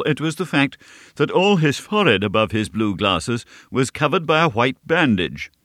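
A man reading a classic novel aloud as scripted narration, in a measured, steady storytelling manner. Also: lowish voice, dry recording, studio quality. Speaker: audiobook narrator.

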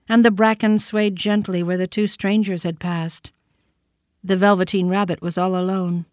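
A woman narrating a children's storybook in a gentle, measured reading. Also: medium pitch, steady tone, no room sound, studio quality.

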